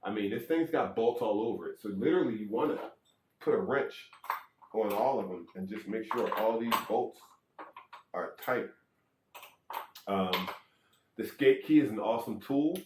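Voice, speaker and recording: A man with a fairly low voice talks through a hands-on skateboard check in a loose, joking way, counting under his breath and fixing his own slips. The room around him rings with echo. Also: expressive, moderate pace, long pauses, noisy background. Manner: rambling, self-correcting, joking asides. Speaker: electric skateboard vlogger. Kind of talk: casual how-to demonstration.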